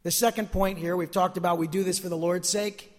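High-voiced tired pastor preaching. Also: male voice, steady tone, a little fast, long reverb tail. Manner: emphatic preaching, repeats key phrases. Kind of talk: sermon.

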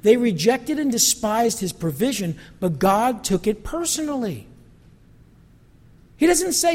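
A male pastor preaching a sermon, animated, with mocking quoted asides. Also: very high-pitched, moderate pace, big-room sound. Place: church sanctuary.

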